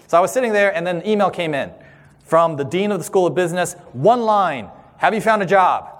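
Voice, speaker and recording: A man in his thirties giving a sermon-style talk, telling a personal story with animated, acted-out voices. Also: high-pitched, a little fast. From Southern California. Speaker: speaker. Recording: long hall reverb.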